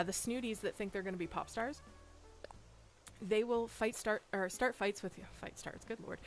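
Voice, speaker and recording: Chatty woman streamer with a gravelly voice. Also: medium pitch, a little hiss or hum. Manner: chatty, rambling, laughs often. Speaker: game streamer. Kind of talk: casual chat while playing.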